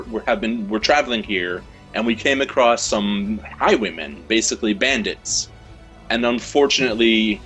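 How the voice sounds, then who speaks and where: A man's voice: on the low side, pushed and bright. A man voicing a somber adult priest adventurer who speaks in a hesitant, grave way.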